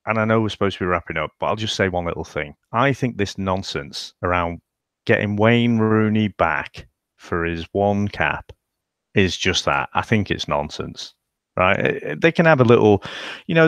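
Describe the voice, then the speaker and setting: A man's voice: on the low side, moderate pace, no echo. A man co-hosting a football podcast, chatting casually and giving strong opinions. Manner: opinionated, animated storytelling. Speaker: podcast co-host.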